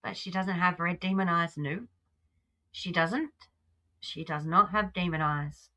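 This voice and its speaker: A woman's voice: on the low side, fairly even intonation, a little slow, sharp tone. An Australian woman hosting a livestream, chatting casually and talking back at the clip she reacts to. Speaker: livestream host.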